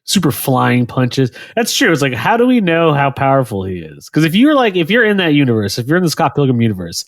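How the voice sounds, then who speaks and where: A man chats on a podcast in an animated way, laughing often. His pitch moves a lot as he talks. The sound is dry and close. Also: a little fast, no room sound. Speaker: podcast co-host. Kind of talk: casual chat.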